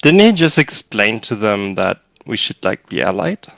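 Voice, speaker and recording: A man's voice: fairly low pitch, big pitch swings, normal speed, vocal fry, fairly bright tone, no room sound, faint music behind. A young man playing a tabletop game, asking unsure questions in casual chat. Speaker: player.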